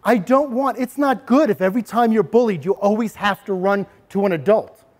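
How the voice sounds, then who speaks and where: A middle-aged man giving a presentation to parents on bullying, demonstrating calm, assertive speech to his audience. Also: high voice, a little fast.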